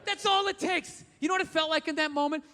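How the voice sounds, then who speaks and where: A man's voice: very high voice, fast talker, pushed and bright, big-room sound, slight background noise. A man performing a stand-up comedy set on a live stage mic, blunt, profane and ranting with sarcasm.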